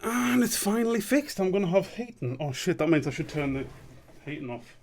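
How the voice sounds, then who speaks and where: A man's voice: high-pitched, big pitch swings, a little fast, a little mellow, a little hiss or hum. A man chatting casually on a live stream, rambling and swearing as he pokes fun at himself. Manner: rambling, sweary, self-mocking.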